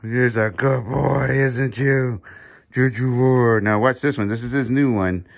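A man's voice: medium pitch, steady tone, unhurried, gravelly. A middle-aged man, casually filming himself giving short commands and easygoing praise to a dog. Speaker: dog owner filming a training demo. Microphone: handheld camera he films himself.

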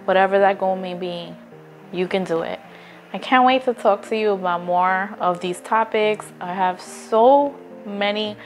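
A woman talking straight to her phone camera in a casual, earnest vlog, encouraging viewers and often stopping to restart a thought. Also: mid-range voice. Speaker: vlogger. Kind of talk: casual motivational talk to camera.

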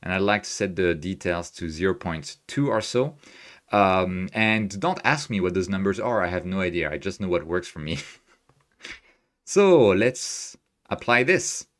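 A man with a deep voice and a hard-to-place accent talks casually through a live stream at his desk. He sounds excitable, laughs easily and often restarts his sentences. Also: measured pace. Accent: hard-to-place, non-native English. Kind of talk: casual live-stream commentary while editing.

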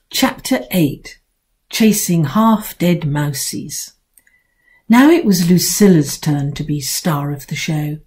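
An older woman, an author, reading her own children's book aloud in an expressive, playful way. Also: sits low, takes it slowly.

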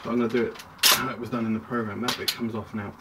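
A man talks through a toy review in a loose, chatty ramble, breaking off mid-thought and circling back. He is recorded from a distance at home, with clear background noise and plastic clicks under his voice. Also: lowish voice, level tone, fast. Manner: rambling, chatty, self-interrupting. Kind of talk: casual toy review vlog.

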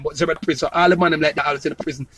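A man's voice: on the high side, fairly even intonation, racing, a bit bright, slightly rough, no room sound, rough recording. A man with a Jamaican accent in a loose, rambling casual monologue, repeating himself and often asking if you understand. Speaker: entertainer promoting his new song.

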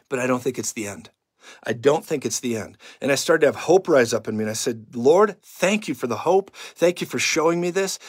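A man preaching and praying over his audience as a prophetic minister, fervent and declaring, sometimes dropping to a hushed tone to tell of a vision. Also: mid-range voice, no room sound, clean studio sound. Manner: fervent, declaring, rising to loud proclamations; drops to hushed, intimate recounting of a vision.

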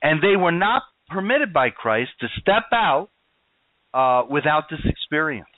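A man's voice: on the high side, big pitch swings, unhurried, dry recording, phone-quality sound. A man preaching a sermon with emphatic, rising and falling delivery.

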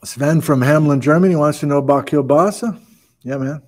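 A man's voice: on the high side, normal speed, a little mellow. A man hosting a casual livestream, upbeat as he greets viewers and reads out where they are watching from. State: out of breath. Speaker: host.

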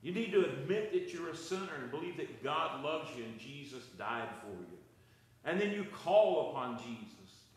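A man's voice: medium pitch, very echoey, poor audio. A man preaching a Bible study sermon as pastor, his delivery rising and falling for emphasis. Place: church.

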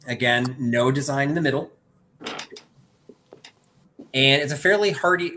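A man hosts a live online sale with a relaxed, rambling chattiness. He pokes fun at himself as he goes. A faint noise sits under his voice. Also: medium pitch. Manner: chatty, rambling, self-deprecating. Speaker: auction seller. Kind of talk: live online auction chat.

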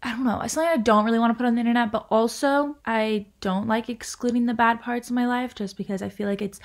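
Young woman, high voice, casual vlog chatter, crying, filler-heavy. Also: fairly even intonation, quick pace, poor audio. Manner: chatty, lots of fillers like "like" and "literally". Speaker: vlogger.

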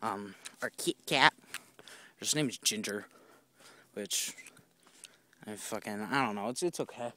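A young man vlogs outdoors while walking, telling rambling stories, swearing often and acting out what people said. His voice is on the low side with a sharp tone, unhurried, with frequent pauses.

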